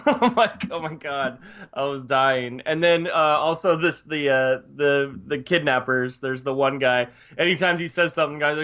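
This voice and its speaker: A man co-hosting a movie podcast, chatting casually and enthusiastically in quick bursts of praise. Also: a little high, a bit bright. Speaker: podcast co-host. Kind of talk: casual movie review chat.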